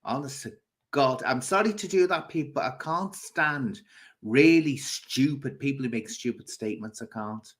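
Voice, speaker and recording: A man's voice: mid-range voice, moderate pace. A man hosting a casual livestream, bluntly scolding and answering viewers' comments. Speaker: livestream host.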